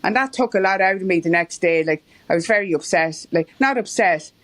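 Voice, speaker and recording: A woman's voice: on the low side, lively intonation, a little fast. A middle-aged Irish woman telling stories as an interview guest, rambling and laughing often. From Ireland. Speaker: marathon runner guest. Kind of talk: casual interview chat.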